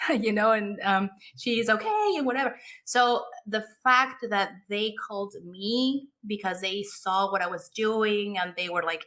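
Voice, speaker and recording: A young woman co-hosting a podcast, talking in a casual, excited, chatty way and laughing often. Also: mid-range voice. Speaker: podcast co-host.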